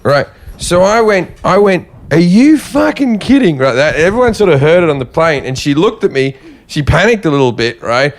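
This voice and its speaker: A man's voice: fairly high pitch, expressive, brisk. Brash, profane man telling a story. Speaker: podcast guest. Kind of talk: casual chat, storytelling.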